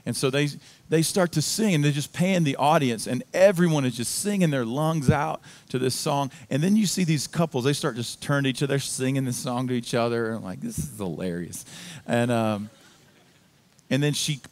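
A male pastor delivering a sermon in a church. He talks in a relaxed, chatty way, telling stories like he would to friends. His voice sits at an ordinary middle pitch for a man. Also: fairly quick. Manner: casual, conversational storytelling. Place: church sanctuary.

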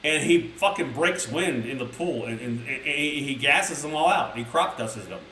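A man's voice: mid-range voice, animated, moderate pace, bright, forceful tone, a little hiss or hum. A man streaming, reading a children's book aloud to his live chat with crude, rambling, mock-outraged asides. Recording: roomy sound from a distant mic.

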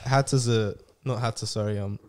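A man's voice: on the low side, fairly even intonation, normal speed, a little mellow. A young man co-hosting a sports podcast, bantering in a wry, teasing way. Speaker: podcast co-host. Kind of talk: casual banter.

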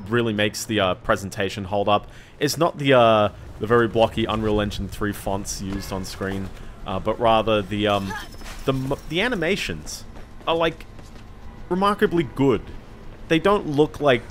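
Chatty low-voiced male streamer, lively. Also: slight background noise. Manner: rambling, chatty, with frequent fillers and laughs. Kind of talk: casual gameplay commentary. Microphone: desk microphone.

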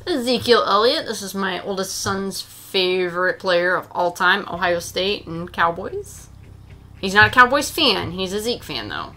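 A woman hosting a live trading card break, reading out each pull in a steady rundown and gasping and squealing over the good ones. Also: mid-range voice, unhurried, slight background noise. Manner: reads out names in a steady rundown. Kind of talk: live stream commentary.

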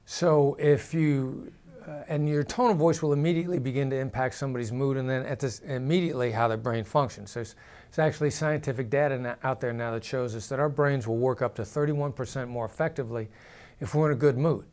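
A former negotiator, a man, explaining negotiation to camera in a measured way, sometimes lowering his voice to show a firm tone. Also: steady tone, a little mellow. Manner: measured, drops pitch and volume to demonstrate firm downward inflection.

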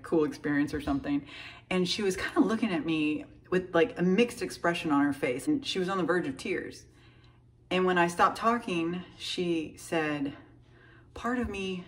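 A young woman talks about her faith in an easy, rambling way. She is chatty and animated and leans on plenty of fillers. Her voice sits a little low for a woman. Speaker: faith vlogger. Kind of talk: casual faith talk to camera.

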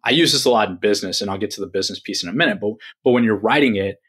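A man's voice: lowish voice, very fast, fairly bright tone, breathy edge. A man from Texas, a guest in a casual interview, explaining at length and often checking in with "right?". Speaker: guest, engineering manager.

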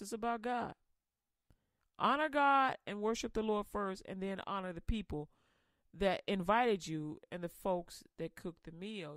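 A woman's voice: medium pitch, dry recording, clean studio sound. A woman hosting a comedic sermon podcast, preaching in casual slang and acting out scenes. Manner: animated, slangy, acts out Bible voices. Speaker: host, lay preacher.

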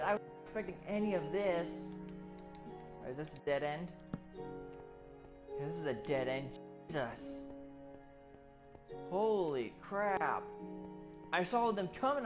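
A let's play gamer giving live gameplay commentary, excitable and swearing constantly while exploring. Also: mid-range voice, takes it slowly, long pauses, music in the background.

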